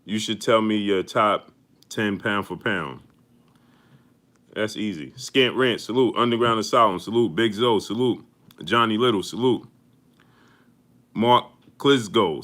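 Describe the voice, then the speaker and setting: Male host, bright forceful voice, casual high-energy shout-outs to live chat. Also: a little slow, pauses often. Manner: energetic, greets viewers one by one with slang. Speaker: host of a boxing live stream.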